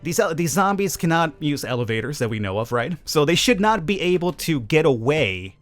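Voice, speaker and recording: A man's voice: fairly high pitch, very animated, brisk, faint music behind. A man giving rambling, self-amused commentary over his mobile survival gameplay. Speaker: gaming YouTuber.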